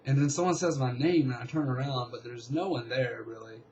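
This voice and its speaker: A young man casually telling a long story, rambling and excitable, with lots of fillers. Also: mid-range voice, a little fast, highs cut off, slight background noise. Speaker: vlogger.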